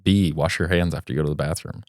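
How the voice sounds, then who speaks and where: A young adult man co-hosting a comedy podcast, reading listener posts aloud and dropping deadpan crude quips. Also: extremely low pitch, fast talker, no echo, clean studio sound. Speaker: podcast co-host.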